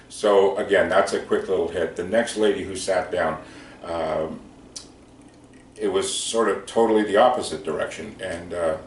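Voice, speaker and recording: Deep-voiced man telling a gentle story. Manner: gentle, conversational, many fillers. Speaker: speaker recounting prayer sessions. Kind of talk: storytelling talk. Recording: echoey room, distant mic, faint noise.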